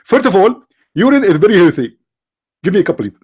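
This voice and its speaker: A man's voice: sits high, very animated, fairly quick, darkish tone, breathy edge, heavily acted. A man mimicking a smug, mock-pious male preacher who claims to be a doctor.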